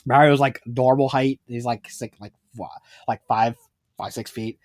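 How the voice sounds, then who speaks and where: This fanfiction reviewer has a medium-pitched voice with fairly even intonation, speaking unhurriedly in a dry, clean studio recording. He rambles casually, swears, fills his talk with fillers, and laughs a great deal.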